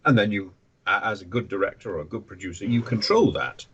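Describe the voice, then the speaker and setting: A man talking as a podcast guest, animated, often stammering and restarting his sentences. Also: fairly low pitch, fast talker, a little hiss or hum. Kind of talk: conversational podcast interview.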